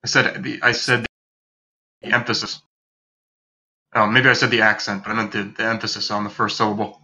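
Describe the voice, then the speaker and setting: A man with a very bright, sharp-edged voice jokes through a casual podcast. His quick asides come over a dull, lo-fi call line. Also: on the low side, flat delivery. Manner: joking, quick asides, laughs at own jokes. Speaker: podcast co-host.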